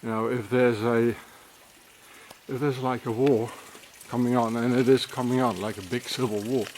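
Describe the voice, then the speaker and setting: A man excitedly pointing things out as he walks, talking in a rambling, conspiratorial way outdoors. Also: mid-range voice, moderate pace, a little hiss or hum, rough recording. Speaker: vlogger. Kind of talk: rambling walking commentary.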